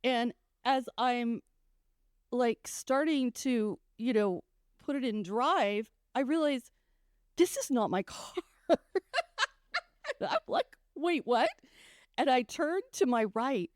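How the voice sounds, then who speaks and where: A woman's voice: high voice, a little mellow, dry recording, studio quality. A middle-aged woman co-hosting a show, telling funny stories in a casual chat, laughing often and acting out voices. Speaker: co-host, biblical coach.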